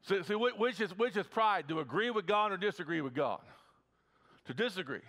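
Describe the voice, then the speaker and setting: A pastor from the Midwest preaching a sermon in his church, energetic, with frequent stammered restarts. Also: high voice, fairly quick. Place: church sanctuary.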